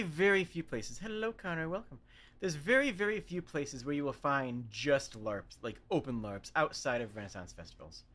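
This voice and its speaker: A man's voice: on the high side, a bit bright. A man hosting a casual livestream, explaining games in a chatty way, often correcting himself mid-sentence and adding asides. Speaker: streamer host.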